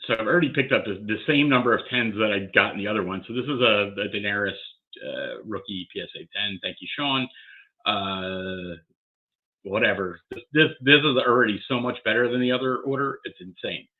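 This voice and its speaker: Captured with thin, phone-like audio, this excited unboxing vlog features a man cracking open graded trading cards. He's a card collector who mutters to himself, cursing in his excitement, in a lowish voice at a fairly brisk clip.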